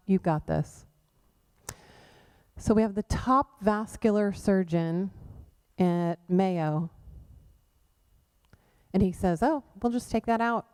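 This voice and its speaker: A woman's voice: on the low side, clean tone. A middle-aged woman telling her personal faith story as a guest speaker at a church women's event, acting out what people said. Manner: animated storytelling, acting out quoted voices. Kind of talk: personal testimony talk.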